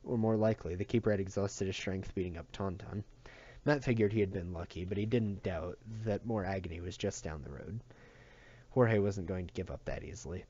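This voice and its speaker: A man reading a novel aloud in a steady, even narration. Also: low voice, fairly quick, lo-fi sound. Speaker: audiobook reader.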